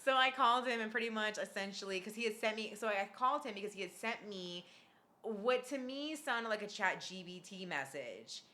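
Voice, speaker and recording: A woman's voice: mid-range voice, a little fast. A woman hosting a podcast, telling a story in casual chat with lots of fillers and free swearing. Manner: animated, swears freely, many fillers. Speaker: podcast host.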